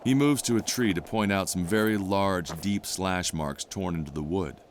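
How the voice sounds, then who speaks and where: A man narrating an audio drama in a measured, descriptive way. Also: low-pitched, slight background noise.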